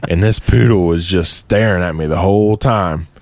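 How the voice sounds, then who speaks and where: A man doing a low, crude bragging redneck. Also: moderate pace, darkish tone, no echo.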